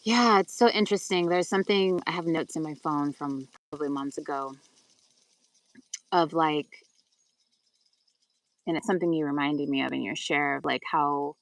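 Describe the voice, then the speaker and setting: Low-voiced woman rambling casually, lots of "like", kinda far from the mic. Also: normal speed, long pauses, dry recording. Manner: chatty, lots of "like", swears for emphasis. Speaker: co-host. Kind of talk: casual spiritual conversation.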